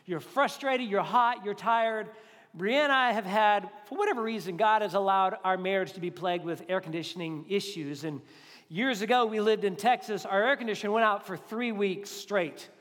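A male pastor preaching a conversational, animated sermon to a congregation, acting out quotes as he goes. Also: sits high, normal speed. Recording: reverberant hall.

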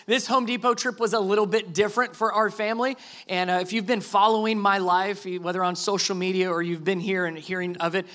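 A man in his thirties telling a family story as a sermon illustration, animated and self-deprecating, acting out what everyone said. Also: high-pitched.

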